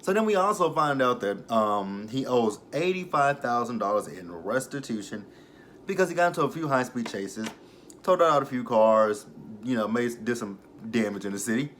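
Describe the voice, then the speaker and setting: A young man casually recapping a reality show, laughing and swearing freely and mocking the cast in quick asides. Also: mid-range voice, expressive, a bit bright, slight background noise. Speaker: YouTube reality-show reviewer.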